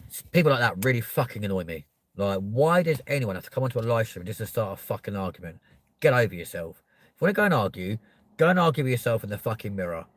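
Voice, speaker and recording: A man from Kent, ranting on a live stream and answering chat, swearing and often rising to shouting. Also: lowish voice. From Kent, England. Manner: profane, heated, swings into shouting. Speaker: livestreamer.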